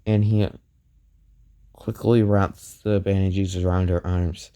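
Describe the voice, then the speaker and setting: Man, low voice, very dark tone, slow unscripted storytelling, halting restarts. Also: flat delivery, clear, resonant tone. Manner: halting, many restarts and "goes like". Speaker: fan fiction storyteller.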